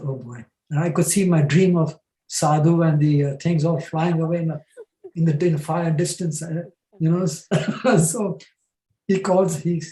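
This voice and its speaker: An older man from New Jersey, a panelist, telling a long personal story in a relaxed, anecdotal way with chuckles. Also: a little high, echoey room, rough recording.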